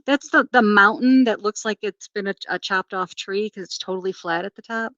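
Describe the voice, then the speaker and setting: Female podcast co-host, steady and agreeable, on a dull lo-fi mic. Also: mid-range voice, brisk, no room sound. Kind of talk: casual podcast chat and reading aloud. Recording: dull lo-fi sound.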